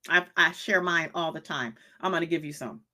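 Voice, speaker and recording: Forceful, bright-voiced woman streaming live. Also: deep voice, brisk. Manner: preachy, repeats questions, reads chat comments aloud. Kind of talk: motivational live-stream talk.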